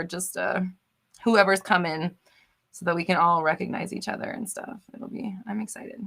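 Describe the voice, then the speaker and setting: A woman's voice: fairly low pitch, steady tone, normal speed, vocal fry, a bit bright. A woman hosting a casual live chat Q&A, talking loosely with many fillers and reading out viewer comments. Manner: chatty, lots of fillers, reads out viewer comments.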